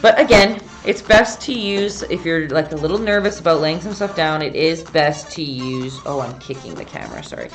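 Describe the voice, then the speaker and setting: A woman's voice: low voice, sing-song, normal speed, hardly any pauses, soft background music. A woman hosting a casual painting tutorial livestream, chatty, reading viewer comments aloud and breaking off mid-sentence. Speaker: painting instructor and livestream host.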